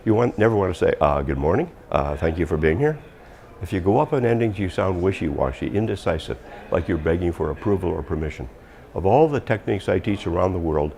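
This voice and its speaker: A man giving practical tips on writing and speaking as a communication coach, emphatic and firm, dropping his pitch on endings. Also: gravelly, darkish tone. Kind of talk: instructional talk.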